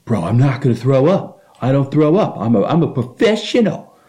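A man voicing his boastful drunk male friend in a high, slurred drawl. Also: big pitch swings, normal speed, dark tone, lightly acted.

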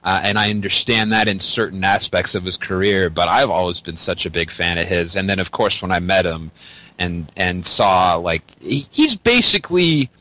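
Bright-voiced Canadian man rambling. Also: low voice, animated, moderate pace, rough recording. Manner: rambling, many restarts and swearing. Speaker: podcast guest. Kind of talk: casual chat, storytelling.

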